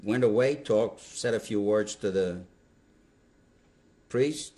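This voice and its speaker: An older man, a Holocaust survivor, recounting his memories to an interviewer in emphatic, animated storytelling. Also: fairly low pitch, slow. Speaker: Holocaust survivor giving testimony.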